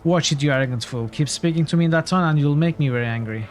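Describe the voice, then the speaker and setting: A man's voice: fairly high pitch, quick pace, lightly acted. A man voicing a proud male adventurer who speaks in a formal, haughty way. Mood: stern. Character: stiff, proud male adventurer, easily provoked.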